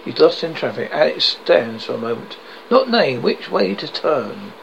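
Man haltingly reading a script aloud. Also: on the high side, big pitch swings, gravelly, fairly bright tone. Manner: halting, stumbling over words. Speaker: narrator reading a radio script. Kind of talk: reading a drama script aloud, stage directions included. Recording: dull lo-fi, faint background noise.

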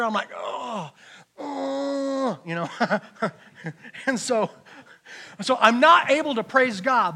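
A middle-aged man giving a personal testimony in church, telling his story in an animated way and often repeating words. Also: sits high.

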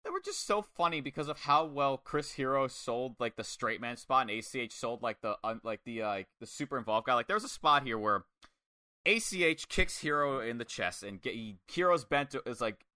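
A man casually reviewing a wrestling match, excitable and swearing often, acting out lines in quoted voices. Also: medium pitch, fairly quick, no echo, studio quality. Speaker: podcast co-host.

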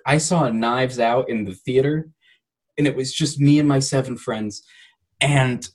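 A young man, a podcast guest, telling personal stories in casual chat, reflective and earnest, with bursts of animated laughter. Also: medium pitch, low-quality recording.

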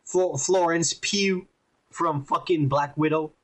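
High-voiced man ranting with heavy swearing. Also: slow, a bit bright. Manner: profane, heated ranting. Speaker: podcast host. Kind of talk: casual ranting review chat.

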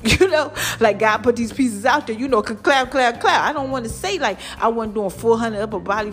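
A woman vlogger, talking casually and animatedly to her viewers, calling them y'all and child, with a preachy testimonial tone. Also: on the high side. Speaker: vlogger sharing a health testimony.

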